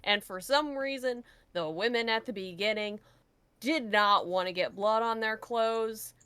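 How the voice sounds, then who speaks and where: She chats loosely as a podcast co-host, trading opinions on a low-budget film. Her talk is casual and profane, with lively retellings of what she thought while watching. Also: smooth, no room sound. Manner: swears casually, animated retellings. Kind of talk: casual movie review chat.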